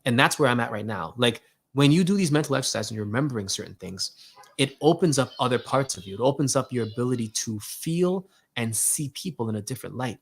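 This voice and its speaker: A man hosting his own show, telling a casual spiritual story in a slangy, animated way and acting out both sides of a conversation. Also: mid-range voice, fast, breathy edge. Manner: casual slangy talk, many "like" and "yo" fillers. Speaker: host.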